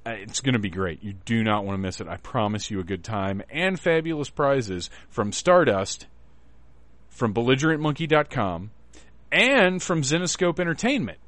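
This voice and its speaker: A man hosting a podcast, talking in an excited, profane and rambling way, often restarting his sentences. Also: lowish voice, moderate pace, dry recording. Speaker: podcast host. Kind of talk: casual podcast announcements.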